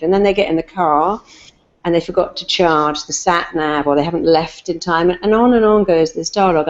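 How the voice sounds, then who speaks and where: A woman's voice: fairly low pitch, normal speed, highs cut off. A woman, a therapist, giving emphatic motivational advice and telling stories with lots of repetition. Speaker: therapist guest.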